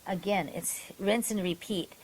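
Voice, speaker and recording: A woman hosting a podcast, telling stories in a lively way and acting out the people she quotes. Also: mid-range voice, a little slow, crowd noise, rough recording. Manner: animated storytelling, acts out quoted people. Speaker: podcast host. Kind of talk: casual podcast chat.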